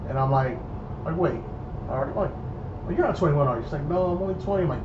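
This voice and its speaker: A man's voice: a little high, fast talker. Storytelling man in an echoey room. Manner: animated, acts out voices in his story. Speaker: storyteller guest. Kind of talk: casual storytelling. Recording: echoey dull room with noise.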